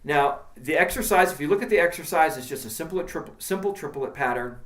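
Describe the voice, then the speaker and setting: A man's voice: fairly high pitch, animated, fairly quick. A man teaching a drum lesson in a plain, practical coaching manner, counting beats aloud. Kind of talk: instructional talk with counting along. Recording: echoey room with clear drum and metronome noise.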